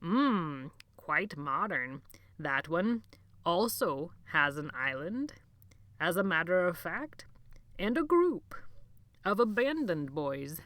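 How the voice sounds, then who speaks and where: A woman voicing a frail, gentle old male librarian who speaks slowly and haltingly in a hoarse near-whisper. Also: lowish voice, very animated, no echo, exaggerated voice. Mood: mild. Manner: slow, halting, dreamy speech.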